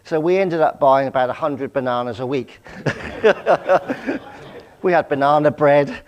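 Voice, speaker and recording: A man's voice: fairly high pitch, lively intonation, measured pace, highs cut off. A man in his sixties from Southampton, giving a personal testimony talk as a guest speaker, anecdotal with self-deprecating humour. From England, Southampton. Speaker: guest speaker, charity chief executive.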